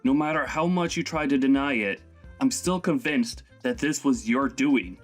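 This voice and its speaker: A man's voice: medium pitch, moderate pace, faint music behind, lightly acted. Man playing an angry, scolding young husband. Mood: exasperated. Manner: scolding, exasperated. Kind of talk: dramatized text-message story.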